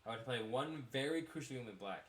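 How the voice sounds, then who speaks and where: A young man hosting a podcast, telling a rambling travel story in a casual, animated way and laughing at himself. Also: medium pitch, brisk, reverberant. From United States. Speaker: podcast host.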